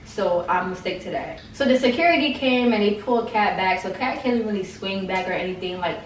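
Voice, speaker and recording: A woman's voice: mid-range voice, fairly quick, far from the mic. A woman talks through a reality TV reunion in a loose, gossipy way, dropping "like" everywhere and tossing in mocking asides. She sits back from the mic in a room that rings with echo. A faint layer of noise runs behind her. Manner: slangy, chatty, fillers of "like", mocking asides. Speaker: reality TV recap host. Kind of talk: casual recap chat.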